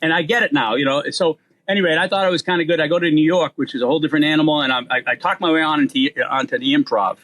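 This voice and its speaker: Male guest comic, 50s, Boston accent, rapid-fire animated storyteller. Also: on the high side. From Boston area. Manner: fast-talking, animated storyteller. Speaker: guest comedian. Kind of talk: storytelling in casual interview.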